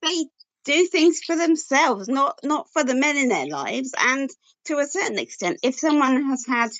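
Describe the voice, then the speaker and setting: A woman's voice: high voice, expressive, normal speed, a bit bright, no echo. Woman chatting on a dull dry line. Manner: interjects, makes a point firmly. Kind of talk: casual chat.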